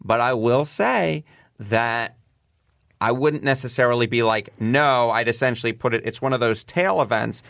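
A man from New York co-hosting a political podcast, explaining polling data in an animated, numbers-heavy way. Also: medium pitch, normal speed, gravelly, no room sound. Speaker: political data analyst co-host. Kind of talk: casual political podcast chat.

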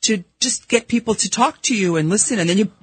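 Husky Brooklyn woman, dry close sound. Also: mid-range voice, no room sound. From New York. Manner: emphatic, candid, talks in quick bursts. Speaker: guest. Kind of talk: casual studio interview. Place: radio studio.

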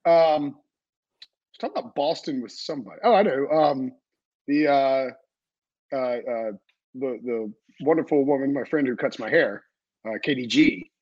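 Upbeat husky-voiced male podcast host. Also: mid-range voice, measured pace, pauses often, no room sound, lo-fi sound. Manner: rambling, energetic, many fillers and restarts. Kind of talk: casual podcast chat.

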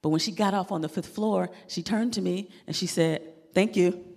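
A woman comedian performing a stand-up set, animated and laughing at her own jokes, on a club stage mic. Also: lowish voice, brisk, gravelly, in a large hall.

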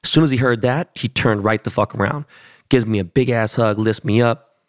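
A man's voice: medium pitch, a little fast, no echo, studio quality. A man hosting a podcast, telling a boastful, profane story in casual chat. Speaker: podcast host.

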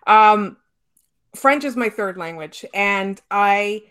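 A woman from Montreal, talking in a casual, opinionated way with lots of fillers and quick restarts. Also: mid-range voice, smooth. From Montreal, Quebec. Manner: animated, many fillers, rapid restarts.

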